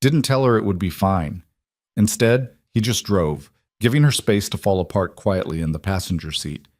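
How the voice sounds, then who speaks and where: Male narrator, measured story read, low voice, dry close mic. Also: darkish tone, no echo.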